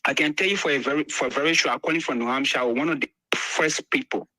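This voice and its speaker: A man phoning into a live talk show. He speaks haltingly and restarts his sentences. His voice is bright and a little high, and it sounds close and dry. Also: no room sound, rough recording. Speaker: caller. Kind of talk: call-in radio talk.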